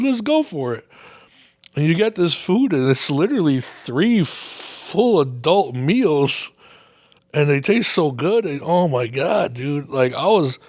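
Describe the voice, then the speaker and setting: A man's voice: fairly high pitch, no room sound, clean studio sound. A man hosting his own podcast, telling a long casual story full of swearing and acted-out reactions. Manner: swears constantly, lively anecdotes with exaggerated quoted reactions. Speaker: podcast host.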